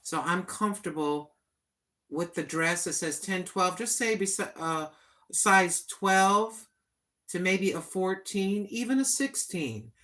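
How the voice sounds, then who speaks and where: Older woman, livestream host, talks plainly and earnestly; bright, slightly low voice. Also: expressive, takes it slowly. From United States. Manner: plain-spoken, chatty and earnest. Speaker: vlogger. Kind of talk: casual livestream chat.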